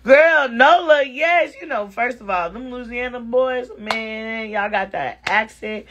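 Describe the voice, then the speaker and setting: Frank, animated woman chatting on a livestream. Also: a little high, unhurried, background noise. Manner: animated, frank, swears, reads viewer comments aloud. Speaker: live-stream host chatting with viewers. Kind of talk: casual live-stream chat.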